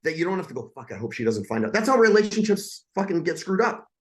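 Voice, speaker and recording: A man's voice: high voice, sing-song, quick pace. A man in his forties, a podcast guest, telling a personal story in a blunt, intense and profane way.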